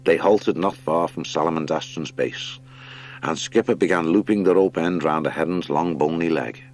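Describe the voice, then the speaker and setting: A man reads a storybook aloud in a measured, deliberate way. His voice sits very low. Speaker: audiobook narrator. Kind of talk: storytelling narration.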